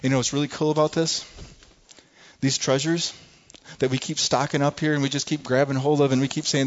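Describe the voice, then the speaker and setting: Animated storytelling pastor, man. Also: mid-range voice, fairly quick, highs cut off. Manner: animated, folksy storyteller with restarts. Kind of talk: storytelling sermon.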